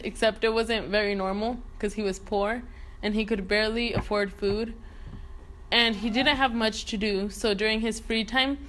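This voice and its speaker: A woman's voice: on the high side, fairly bright tone, a little hiss or hum. Playful woman telling a silly story. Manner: silly, casual storytelling with jokes. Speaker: narrator. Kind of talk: comedic history retelling.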